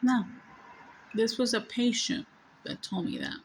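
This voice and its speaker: A woman's voice: on the high side, wildly swooping pitch, unhurried, vocal fry, slight background noise. A woman with a New York accent tells a spiritual story to her viewers in a casual, emphatic, blunt way, cursing freely and repeating her points.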